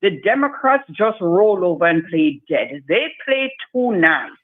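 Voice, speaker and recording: A woman's voice: lowish voice, big pitch swings, a little slow. A woman from Jamaica with a Jamaican accent, calling in to a radio talk show and making her points emphatically, often repeating herself. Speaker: caller. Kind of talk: call-in radio chat. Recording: dull phone-line sound.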